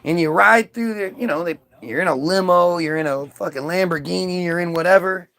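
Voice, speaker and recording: A man telling a swearing, animated story, acting out the lines of the people in it. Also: sits high, brisk, vocal fry, no echo. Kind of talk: profane anecdote with acted-out voices.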